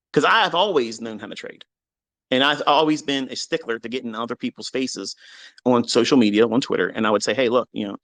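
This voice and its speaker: A middle-aged man giving a heated, profane monologue on a live audio chat, combative and defiant, his voice dropping low and then bursting out loud. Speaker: trading educator.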